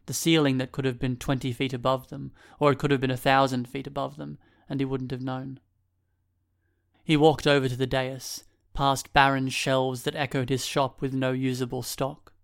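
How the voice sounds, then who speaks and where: Man narrating a story, measured. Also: mid-range voice, clean tone. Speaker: audiobook narrator. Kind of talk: scripted narration.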